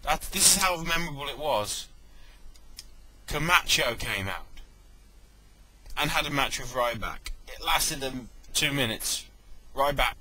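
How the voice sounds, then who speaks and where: A man's voice: mid-range voice, expressive, unhurried, pushed and bright, low-quality recording. A man giving a casual spoken review, rambling and correcting himself, with joking asides. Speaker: wrestling event reviewer.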